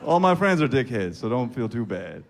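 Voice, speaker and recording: A man doing stand-up on a club stage, telling self-mocking stories in a deadpan way. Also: mid-range voice, moderate pace, creaky, background noise. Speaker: stand-up comedian. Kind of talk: stand-up comedy.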